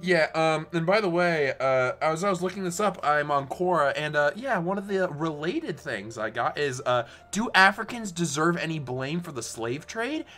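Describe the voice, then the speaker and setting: A joking male streamer in casual talk during a game stream. His pitch moves a lot, and his voice breaks into frequent laughter. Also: animated, normal speed, hardly any pauses, sharp tone. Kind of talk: casual chat while playing a game.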